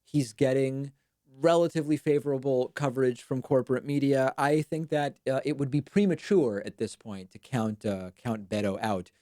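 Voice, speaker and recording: A man hosts a live stream, chatting casually and making dry, wry remarks. His voice is mellow and mid-pitched, and the recording is close and dry. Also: normal speed, no echo.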